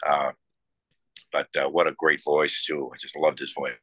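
A man's voice: a bass voice, flat delivery, moderate pace, bright, forceful tone, dry recording. A man from the Buffalo area, a musician guest in a casual interview, telling stories with enthusiasm between many fillers and restarts. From United States, Buffalo area. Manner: enthusiastic storytelling.

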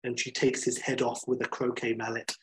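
A man's voice: mid-range voice, monotone, brisk, rough recording. A man, a podcast host, telling a story in enthusiastic, chatty talk with many fillers. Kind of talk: casual storytelling chat.

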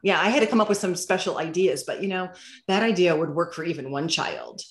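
A woman's voice: on the low side, brisk. A woman guest telling parenting stories in casual interview talk, acting out bits of dialogue as she goes. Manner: animated storyteller who acts out dialogue. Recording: roomy echo.

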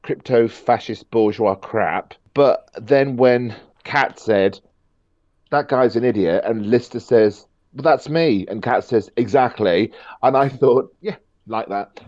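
A man co-hosting a podcast in casual chat, animated and acting out his own reactions. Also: mid-range voice, unhurried, dry recording, highs cut off. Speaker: podcast co-host.

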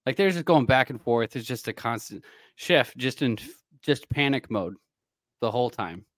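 A man co-hosting a casual political talk show, talking in halting bursts with many restarts and acting out what others said. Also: medium pitch, animated, a bit bright, dry recording, clean studio sound. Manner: halting, restarts often, acts out quotes. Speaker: co-host.

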